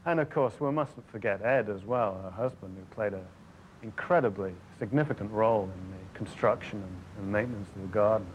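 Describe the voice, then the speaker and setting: A man's voice: on the low side, brisk, a little hiss or hum. Hesitant man in a lo-fi interview. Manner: hesitant, many fillers and restarts. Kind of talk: casual interview. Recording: dull lo-fi recording with faint ambience.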